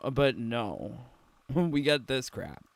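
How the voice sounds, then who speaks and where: A man's voice: medium pitch, sing-song, takes it slowly, creaky, heavy background noise. A young man giving casual, sarcastic reaction commentary on a game trailer, laughing often and filling his talk with "like". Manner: sarcastic, giggly, filler-heavy.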